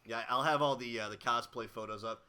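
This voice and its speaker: Male podcast co-host, very bright tone, hoarse, rambling casual chat. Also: mid-range voice, a little fast. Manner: rambling, lots of fillers and restarts. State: hoarse, strained throat.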